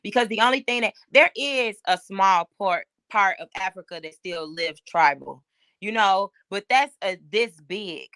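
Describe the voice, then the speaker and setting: A woman, a podcast guest, chatting casually and telling animated stories, laughing often and doing voices. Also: medium pitch, measured pace, no room sound, studio quality. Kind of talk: casual chat, storytelling.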